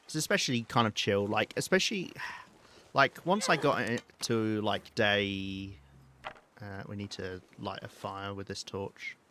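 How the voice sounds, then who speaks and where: A British man live-streaming a survival game, talking calmly and softly to his chat while he plays. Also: fairly low pitch, unhurried, slight background noise. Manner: calm, soft-spoken, chatty with viewers.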